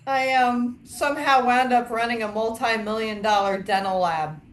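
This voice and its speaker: A woman's voice: a little high, normal speed, reverberant. A middle-aged woman in a casual chat, talking candidly and wryly with loose fillers.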